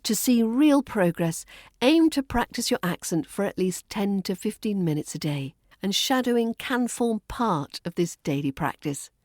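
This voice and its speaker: A woman with a British RP accent, teaching pronunciation in a playful podcast lesson and slowly modelling words. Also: mid-range voice, animated, darkish tone, no room sound, clean studio sound. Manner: crisp, playful teaching with slow demonstrated words. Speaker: accent coach.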